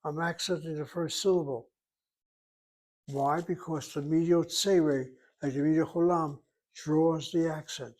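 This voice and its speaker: A man's voice: on the high side, fairly even intonation, a little slow, darkish tone. An older man teaching a Hebrew lesson, explaining rules methodically and repeating key points as he writes on a board. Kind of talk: classroom lecture at a whiteboard.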